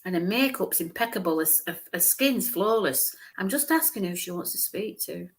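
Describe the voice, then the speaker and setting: A woman's voice: on the low side, expressive, normal speed. A woman giving a live psychic reading on a stream, talking in a chatty, descriptive way and often checking in with "okay?".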